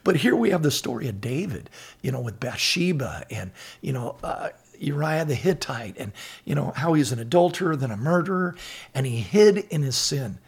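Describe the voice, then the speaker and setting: A middle-aged man with a gravelly, rough-edged voice tells personal stories in an earnest, conversational way. He quotes scripture and acts out both sides of old conversations. His pitch sits in an ordinary middle range. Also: animated, normal speed. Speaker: podcast guest sharing faith stories. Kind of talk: casual faith talk.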